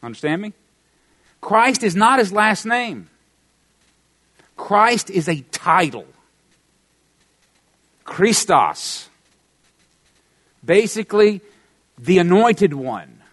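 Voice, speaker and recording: A middle-aged man with a Southern American accent preaching a sermon, emphatic, with wide swings in pitch and volume and some folksy humor. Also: animated, drawn-out words, long pauses, a bit bright, no echo. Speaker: pastor.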